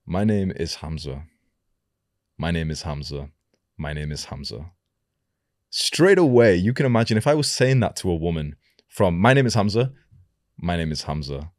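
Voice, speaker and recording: A young man giving a self-improvement lesson to camera, speaking slowly and deliberately and letting his pitch fall at the ends of sentences. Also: a little mellow, no room sound, studio quality. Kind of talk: instructional talk to camera.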